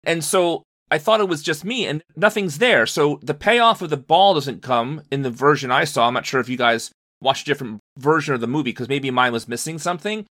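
Bright, dry-sounding man on a movie podcast. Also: on the high side, expressive, brisk, few pauses, no echo. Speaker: podcast co-host. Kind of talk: casual film discussion.

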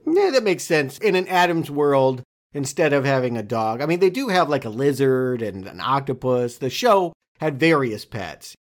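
A man in a casual film podcast chat talks at a middling pitch. He breaks down plot and gags in a measured, analytical way. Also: big pitch swings. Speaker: podcast co-host.

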